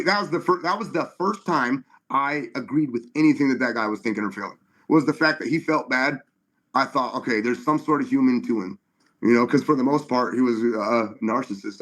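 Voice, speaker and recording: A middle-aged man recounts a personal experience in casual conversation, his voice sitting in a middle pitch. He talks in an animated, halting way and often restarts his sentences, with fillers scattered throughout. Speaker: guest. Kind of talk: conversational testimony storytelling.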